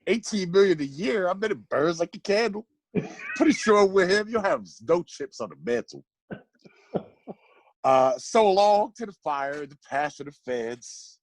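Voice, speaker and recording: Brief: New man, podcast co-host, higher voice, swaggering comic delivery, dead-dry room. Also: unhurried, no echo. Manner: animated, laughs often, reads rhymes with swagger. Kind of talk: casual podcast chat and reading a comic poem.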